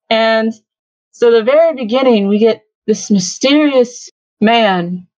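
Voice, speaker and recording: A woman's voice: a little high, slow pace, darkish tone, no room sound, lo-fi sound. A young woman hosting a casual fan podcast, chatty and giggly, with lots of fillers. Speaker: podcast host.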